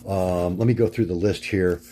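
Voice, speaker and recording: A man's voice: low-pitched, fairly even intonation, mellow. Rambling man talking through notes. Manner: halting, many fillers and restarts; repetitive, searching for words. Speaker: vlogger.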